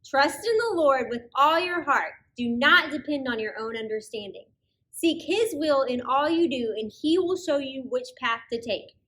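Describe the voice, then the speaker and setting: Bright, upbeat woman hosting kids' church. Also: sits high, lively intonation, moderate pace. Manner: upbeat, encouraging teacher voice. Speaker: children's ministry host.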